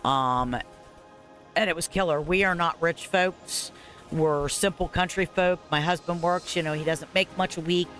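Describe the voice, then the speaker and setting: A woman's voice: fairly low pitch, unhurried, fairly bright tone, faint music behind. A woman in her forties tells a long personal story in a casual, rambling way, full of fillers and asides. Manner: rambling, candid, frequent fillers and 'blah, blah, blah'. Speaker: parent telling her story. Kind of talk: casual spoken story over gameplay.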